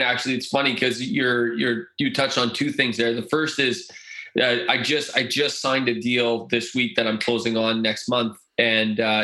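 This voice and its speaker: A man's voice: medium pitch, bright, forceful tone, low-quality recording. A man with a Canadian accent, a guest on a podcast, talking earnestly with stumbling restarts. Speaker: podcast guest, real estate investor. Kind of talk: casual conversational interview.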